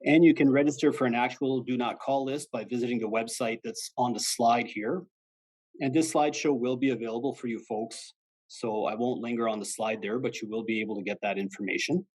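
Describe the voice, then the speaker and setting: A former police officer gives a relaxed, conversational talk on fraud prevention. His voice is husky and sits at an ordinary male pitch. He slips into the callers' voices when he tells stories. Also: brisk, rough recording. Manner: conversational and plain-spoken, acts out quoted callers. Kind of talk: informal educational presentation.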